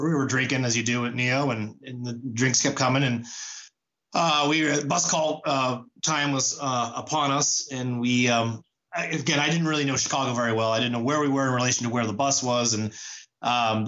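Male musician, halting anecdotal delivery full of fillers, muffled lo-fi audio. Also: medium pitch, fairly even intonation, fairly bright tone. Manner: halting, many fillers and restarts. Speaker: musician sharing a memory. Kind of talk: casual spoken anecdote.

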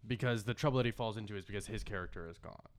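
Male podcast co-host, lowish voice, reasoned and casual. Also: racing. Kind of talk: casual chat.

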